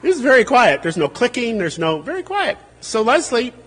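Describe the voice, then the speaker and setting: The man's voice is very high-pitched, at a moderate pace, with a big-room sound. Eulogizing a friend and colleague at a memorial service, he tells humorous stories and becomes animated when voicing what others said.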